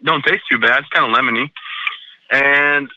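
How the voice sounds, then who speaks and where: A man, an Army veteran, calmly recounting a personal story in a remote interview, matter-of-fact and self-deprecating. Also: medium pitch, normal speed, highs cut off, slight background noise.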